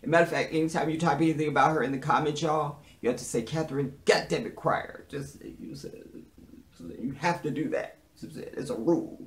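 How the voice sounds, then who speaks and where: A man's voice: on the high side, a little fast. A man giving a casual, profane recap to camera, acting out the dialogue with lots of energy. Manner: animated, profane, acts out the dialogue. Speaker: TV episode reviewer. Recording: echoey room.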